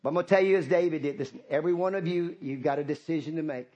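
A man's voice: fairly high pitch, rapid-fire, dark tone, dull audio. A middle-aged man, preaching a sermon as pastor, impassioned and repetitive, calling out to the congregation.

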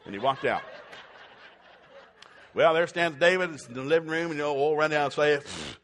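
A man's voice: on the high side, lively intonation, moderate pace, a bit bright, slight background noise. A man preaching a sermon, retelling Bible stories in a folksy, humorous way and acting out the characters. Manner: folksy storytelling with acted-out voices.

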